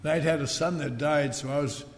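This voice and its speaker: A man's voice: fairly high pitch, steady tone, a little fast. An older man speaking at a recovery meeting, telling wry, rambling stories with asides to the crowd. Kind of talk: personal storytelling talk. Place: large meeting hall. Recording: echoey hall recording with faint noise.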